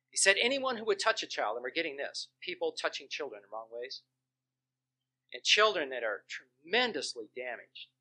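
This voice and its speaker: A man's voice: mid-range voice, bright, forceful tone. A man who is a Christian minister and counselor, preaching with testimonies in an earnest storytelling way and leaning hard on key words. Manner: earnest storytelling with emphatic stresses.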